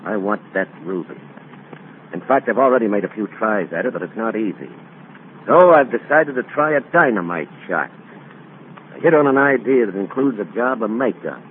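A man's voice: fairly low pitch, expressive, moderate pace, narrow, tinny audio, natural voice. An actor playing a bossy, scheming male crook in a 1940s radio drama. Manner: tough, bossy and clipped. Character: scheming male crook posing as a rich man. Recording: scratchy old radio broadcast, thin and hissy.

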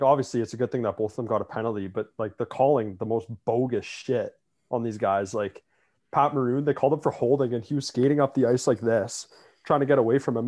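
A man's voice: mid-range voice, darkish tone. A man in casual sports chat, co-hosting and ranting with lots of filler words.

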